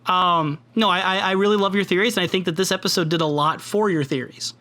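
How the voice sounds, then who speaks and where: A man's voice: sits high, quick pace, bright, forceful tone. A man co-hosting a podcast in casual chat, laughing often and acting out lines he quotes. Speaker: podcast co-host.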